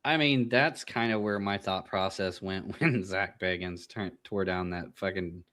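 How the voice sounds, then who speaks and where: A man with a Midwestern American accent chats casually as a paranormal podcast co-host. His voice sits a little low and the sound is dry and close. He tells stories loosely, with frequent swearing and laughter. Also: a little slow, fairly bright tone, dry recording. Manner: laid-back storyteller, swears and laughs often. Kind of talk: casual chat.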